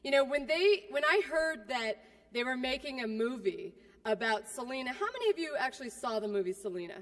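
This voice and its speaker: A woman's voice: high voice, expressive, fairly quick, in a large hall. A woman from California giving a keynote speech as comic storytelling, brash, self-mocking and conversational. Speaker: keynote speaker.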